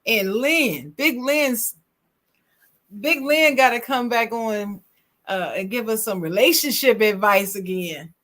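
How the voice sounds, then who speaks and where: A podcast co-host in easy, casual conversation, agreeable and quick with shout-outs. The voice sits at an ordinary middle pitch. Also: expressive. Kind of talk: casual chat.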